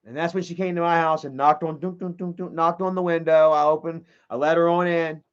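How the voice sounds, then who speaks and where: A man's voice: fairly high pitch, steady tone, fairly quick, clear, resonant tone. A man streaming live, telling a long, rambling, profane personal story and reading chat messages aloud. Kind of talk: livestream storytelling. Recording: dull lo-fi stream audio.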